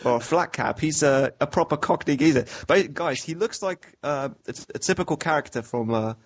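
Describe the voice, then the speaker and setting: A man's voice: on the high side, moderate pace. Easygoing man telling stories. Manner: easygoing, chatty storytelling. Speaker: podcast guest. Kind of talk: casual podcast chat.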